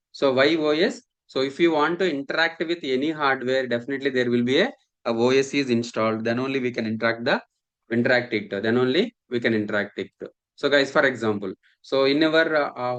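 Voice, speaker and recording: The audio is dull as a male instructor with a mid-range voice teaches a class. He tends to repeat himself and often asks students if they're keeping up.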